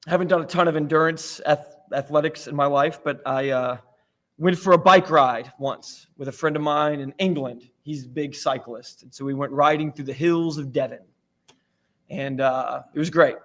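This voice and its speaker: A man's voice: a little high, moderate pace, fairly bright tone. A man from Florida preaching a sermon in a church, telling stories in a conversational, self-deprecating way. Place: church sanctuary.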